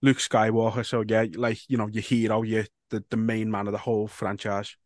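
A man's voice: lowish voice, flat delivery, a little fast, darkish tone, dry recording. Laid-back sweary man, dry-miked. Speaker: podcast co-host reading listener questions. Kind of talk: casual football chat.

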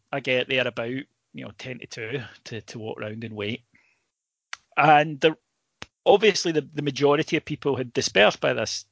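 A man's voice: on the high side, a bit bright, no echo, highs cut off. A Scottish man, a sports journalist, telling a rambling, emotional story in casual chat, full of restarts.

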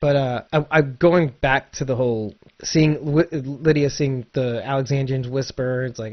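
A man hosting a casual podcast chat, talking in a rambling, animated way with lots of restarts and fillers. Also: medium pitch, moderate pace, hardly any pauses, muffled recording. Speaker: podcast host.

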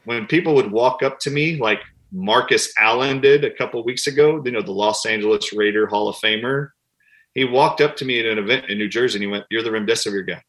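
A man's voice: mid-range voice, brisk, fairly bright tone. A man, a doctor appearing as an interview guest, telling stories animatedly and acting out the people he quotes. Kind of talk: conversational interview.

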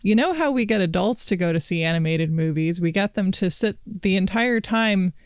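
A woman's voice: medium pitch, animated, normal speed, smooth, dry recording, clean studio sound. A woman co-hosting a podcast, chatting casually with a wry, playful humor. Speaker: podcast co-host. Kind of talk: casual chat.

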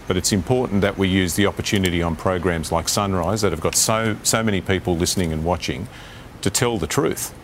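A man's voice: sits low, a little fast, a little hiss or hum. An Australian man speaking as a politician on a live TV panel, earnest and repeating words when pressed. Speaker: politician guest.

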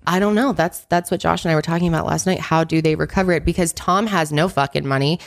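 Woman cohost dishing celeb gossip, kinda low voice, cusses a lot, laughs at her own jokes. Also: fast talker, vocal fry. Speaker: podcast co-host. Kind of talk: casual gossip chat.

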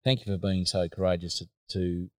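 A man's voice: sits low, fairly even intonation, fairly quick, a little mellow, dry recording. A man with an Australian accent hosting a podcast, talking reflectively and hesitantly, with many fillers and restarts. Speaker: podcast host. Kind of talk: casual conversational interview.

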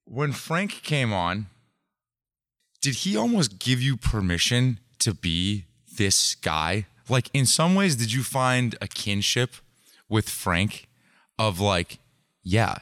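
A man's voice: fairly bright tone, no room sound, clean studio sound. A man hosting a podcast, asking probing questions in a casual, emphatic way. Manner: emphatic, probing, swings in pitch. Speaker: podcast host. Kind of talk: casual interview chat.

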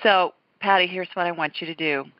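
A woman's voice: on the low side, fairly quick, dry recording. A woman hosting a call-in radio show, chatting casually and laughing as she tells stories. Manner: warm, animated storyteller, laughs often. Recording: slightly dull lo-fi studio sound.

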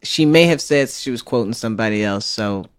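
A woman guest in a reflective conversation, speaking in a measured, thoughtful way. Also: extremely low pitch, expressive, dry recording. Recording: dry close mic.

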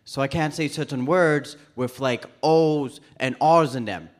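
A man's voice: medium pitch, measured pace. A man in his twenties doing stand-up on a live stage, talking with a speech impediment that blurs some sounds and laughing at himself between lines. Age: 20s. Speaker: stand-up comedian. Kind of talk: stand-up comedy set.

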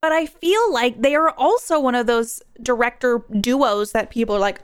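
A young woman hosting a podcast, chatting casually on her own, animated and prone to rambling tangents. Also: fairly high pitch, normal speed, hardly any pauses, clean tone, no echo, studio quality. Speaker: podcast host. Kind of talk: casual solo movie chat.

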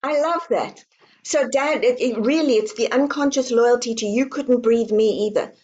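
A woman author guesting on an interview, speaking calmly and deliberately in guiding affirmations. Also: a little high, lo-fi sound. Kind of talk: guiding, coaching talk.

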